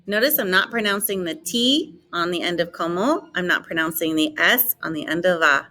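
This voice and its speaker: A woman teaching a beginner language lesson, modeling words slowly and clearly for students to repeat. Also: fairly low pitch, animated, pushed and bright. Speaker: French teacher.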